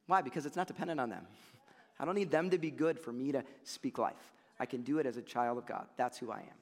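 Joking preacher in a reverberant hall. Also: male voice, mid-range voice, fast. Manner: casual, joking, conversational preaching with laughs. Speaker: pastor. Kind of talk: sermon.

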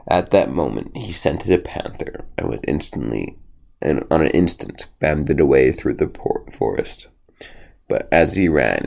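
A man reading bedtime fables aloud, slowly, with frequent slips and restarts. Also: extremely low pitch, vocal fry, a little mellow. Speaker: storyteller.

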